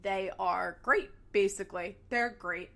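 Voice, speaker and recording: A woman's voice: medium pitch, a little slow, vocal fry, sharp tone. A young woman casually recapping a reality show, candid and sarcastic, swearing freely as she gossips about the cast.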